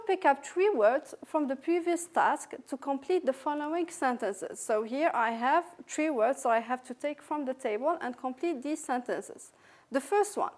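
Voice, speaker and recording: A woman teacher with a French accent giving a recorded English revision lesson, slowly repeating each word and sentence for her learners. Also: high-pitched.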